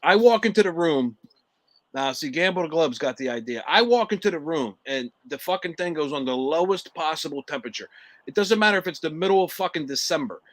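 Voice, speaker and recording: A man's voice: a little high, expressive, a little fast, fairly bright tone, no room sound, rough recording. A boisterous man co-hosting a podcast, telling crude stories and laughing often. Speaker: podcast co-host. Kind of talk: casual profane storytelling chat.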